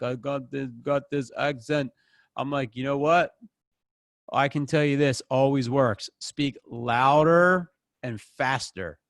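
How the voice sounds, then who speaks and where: Casual male acting teacher, animated, dry close-miked sound. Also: mid-range voice, no room sound. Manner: casual, animated, acts out quotes. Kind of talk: online acting class. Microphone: close microphone.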